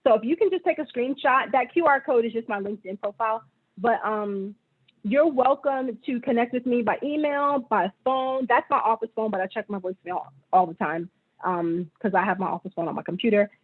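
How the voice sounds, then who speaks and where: A woman's voice: a little high, a little fast, slightly rough. A woman presenter, a bank executive, giving friendly, chatty closing remarks over a video call. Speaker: bank vice president presenter. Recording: tinny call audio.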